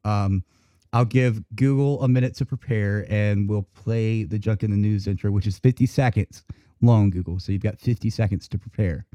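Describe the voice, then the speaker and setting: A man hosting a podcast in casual chat, telling animated stories full of swearing and frequent laughter. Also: lowish voice, normal speed, no echo. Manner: profane, laughing, animated storytelling. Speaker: podcast host.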